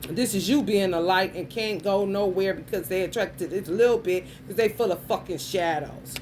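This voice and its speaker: A woman's voice: mid-range voice, moderate pace, darkish tone, slight background noise. A woman vlogger delivering a blunt, crude rant full of swearing and street slang. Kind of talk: profane stream-of-consciousness rant.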